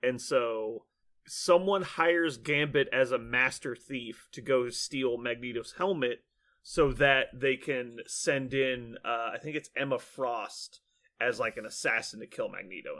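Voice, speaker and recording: A man's voice: medium pitch, measured pace. A man on a podcast, casually retelling a cartoon plot with lots of fillers, acting out the characters' lines and laughing as he goes. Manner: animated storyteller, acts out lines, laughs often, many fillers. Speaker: podcast host.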